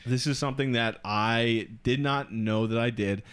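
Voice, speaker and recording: A man's voice: medium pitch, steady tone, normal speed, a bit bright, smooth. A man co-hosting a podcast, telling a story in a casual, rambling way full of filler words. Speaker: podcast co-host.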